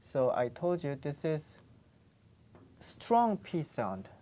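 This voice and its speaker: Lady teacher, low voice, slow and patient, repeats every sound. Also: sing-song, warm tone. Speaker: Korean language teacher. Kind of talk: classroom lesson on pronunciation.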